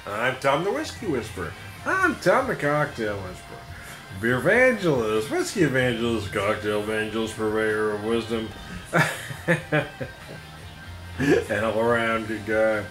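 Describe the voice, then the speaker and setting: A man's voice: lowish voice, big pitch swings, measured pace. A middle-aged man rambling through a casual monologue, laughing often and swearing freely. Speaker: podcast host. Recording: echoey room with faint music.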